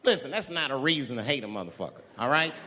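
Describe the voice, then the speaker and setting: A man's voice: mid-range voice, lively intonation, quick pace. A man doing stand-up comedy, brash and profane, talking straight at the crowd. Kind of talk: stand-up set. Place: comedy club. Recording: long hall reverb, noisy crowd.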